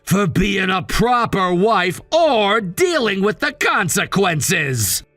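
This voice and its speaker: A man's voice: high voice, sing-song, slow pace, sharp tone, no echo, soft background music, exaggerated voice. A synthetic man's voice reading a cold, demanding husband with curt, dismissive lines. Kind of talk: text-to-speech story reading.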